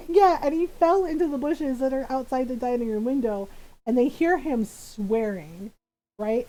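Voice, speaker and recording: A woman's voice: a little high, low-quality recording. A woman live-streaming, chatting casually while she games, laughing often and acting out the voices of the people in her stories. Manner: animated, acts out family members' voices. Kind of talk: casual chat while gaming.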